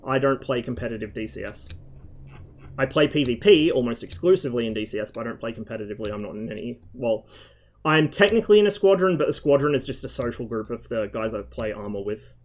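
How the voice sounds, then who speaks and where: A man's voice: mid-range voice, lively intonation, fast. Rambling, swearing young male streamer. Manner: rambling, swears freely, frequent restarts. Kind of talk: casual gaming stream commentary.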